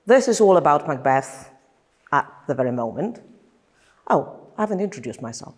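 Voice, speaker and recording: A woman with a Polish accent guides a workshop, her pitch rising and falling in lively swings. She hesitates often and restarts her sentences. Her voice carries a long reverb from a large hall. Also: normal speed. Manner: hesitant, many fillers and restarts, warm laughter. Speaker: lecturer leading a workshop. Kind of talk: workshop instruction.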